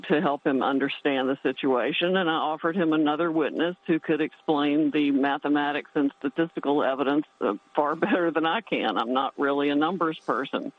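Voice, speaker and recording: A woman's voice: low voice, dry recording. Woman on a tinny phone line. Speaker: lawyer. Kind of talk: broadcast interview answer.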